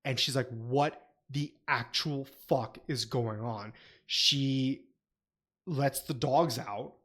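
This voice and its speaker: A man's voice: mid-range voice, slow pace. A man co-hosting a podcast, telling stories in casual chat with heavy swearing. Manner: profane, animated storyteller. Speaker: podcast co-host.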